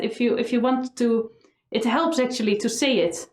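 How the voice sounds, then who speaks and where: A woman's voice: fairly high pitch, normal speed, a little mellow. A woman violin teacher giving a lesson with energy, singing melody lines on syllables. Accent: Dutch. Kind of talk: instructional tutorial. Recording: echoey room, faint violin.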